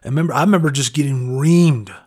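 A man's voice: medium pitch, quick pace, darkish tone. A man delivering a casual devotional talk in a mid-range voice. He speaks conversationally and earnestly, with frequent fillers and small restarts. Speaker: preacher.

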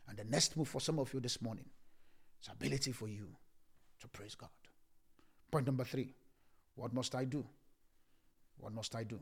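A male pastor preaching a sermon, repeating phrases and moving from hushed whispers to loud shouts. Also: mid-range voice, normal speed, pauses often, slightly rough.

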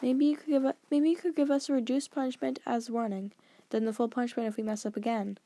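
A woman's voice: a little high, little pitch movement, fast talker, no room sound. Woman voicing a sensible, curious teenage girl. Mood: earnest. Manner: reasonable, gently persuasive.

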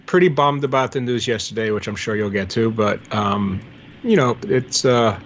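An older man from the Pittsburgh area, a guest on a casual podcast, rambles through his memories as a reminiscing storyteller. His voice is on the low side at a moderate pace, and the dull lo-fi audio carries a little hiss or hum.

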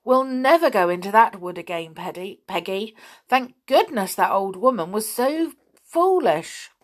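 A woman's voice: mid-range voice, lively intonation, unhurried. A woman reading aloud, voicing an eager, breathless little boy in a storybook tale. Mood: relieved.

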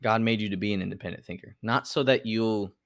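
A man's voice: lowish voice, fast talker, no echo, studio quality. A young man hosting a solo podcast, talking earnestly in a rambling way, with lots of "like" and restarts. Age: young adult. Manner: earnest, rambling, heavy use of "like". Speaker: podcast host.

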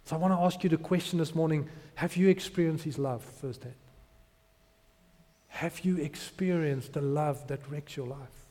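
A man in his thirties delivers a heartfelt sermon testimony, his slightly high voice swelling into loud emphasis. The sound carries a long reverb from a big hall. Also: moderate pace. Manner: emotional storytelling, rising to loud emphasis. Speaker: preacher.

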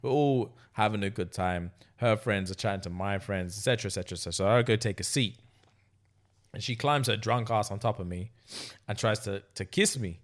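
A man's voice: on the low side, brisk. A young man telling a story in casual podcast chat, acting out quotes and swearing freely. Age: young adult. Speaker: podcast co-host.

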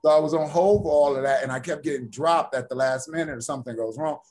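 Man, interview guest, actor and author, animated storytelling, fairly high voice. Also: quick pace. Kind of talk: casual interview chat.

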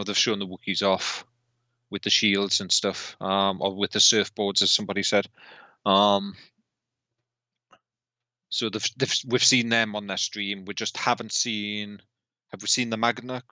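A man's voice: on the low side, steady tone, unhurried, sharp tone, no room sound, muffled recording. A man co-hosting a podcast in casual chat, asking questions and often restarting his sentences. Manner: chatty, asks questions, trails off and restarts. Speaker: podcast co-host.

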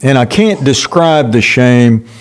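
Slow, emphatic older male pastor. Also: mid-range voice, animated. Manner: slow, emphatic preaching with halting restarts. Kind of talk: sermon.

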